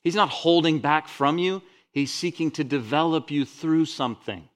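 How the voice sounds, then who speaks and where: A man's voice: a little high, moderate pace, hardly any pauses. Man preaching with rising intensity. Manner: dynamic preaching, rising loud on scripture, dropping soft on asides. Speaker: pastor. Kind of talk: sermon.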